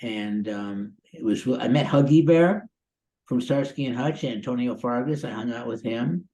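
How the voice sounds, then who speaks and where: A man's voice: medium pitch, measured pace, dark tone, rough recording. Guy in his 60s from the chicago area, chatty actor rambling thru old stories, lots of ums. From Chicago area, USA. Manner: rambling, full of "you know" and "um", chatty and upbeat. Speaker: guest actor. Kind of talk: casual interview storytelling.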